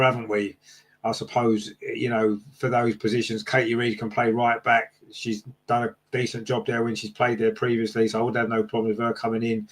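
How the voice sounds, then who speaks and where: A man chats casually on a fan podcast, his voice sitting at an everyday middle pitch. He rambles along with plenty of fillers and tag questions, reading out viewers' comments and answering them. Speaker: podcast host reading live chat.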